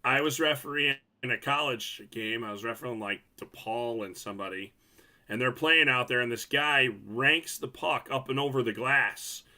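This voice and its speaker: A man, a hockey referee co-hosting a casual podcast, telling animated stories and acting out quotes. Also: medium pitch, moderate pace. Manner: animated storyteller, acts out quotes. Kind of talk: casual chat.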